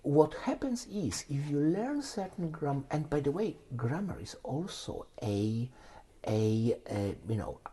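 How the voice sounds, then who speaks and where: A man's voice: on the high side, measured pace, slight background noise. A man, a neuroscientist guest, explaining ideas conversationally and telling anecdotes with many restarts and asides. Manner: animated, tells anecdotes with frequent restarts.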